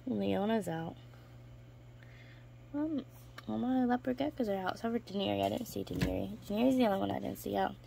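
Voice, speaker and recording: A woman talking casually in a vlog as she walks past her reptile enclosures, chatting about her pets and now and then slipping into high baby talk for them. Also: fairly quick, vocal fry, long pauses, dark tone, slight background noise. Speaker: reptile keeper vlogger. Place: indoors in a room full of reptile enclosures.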